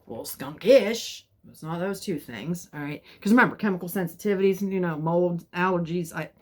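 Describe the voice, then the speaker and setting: A middle-aged woman with a fairly low voice tells a personal story. Her telling is casual and animated, and she sometimes drops to a hushed whisper to build suspense. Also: moderate pace, hardly any pauses.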